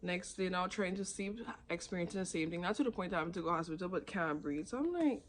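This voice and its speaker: A woman's voice: lively intonation, quick pace, slight background noise. A young woman, casually telling her own story to camera and acting out what others said. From Saint Martin. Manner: chatty, acts out others' lines with sudden high jumps. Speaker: vlogger.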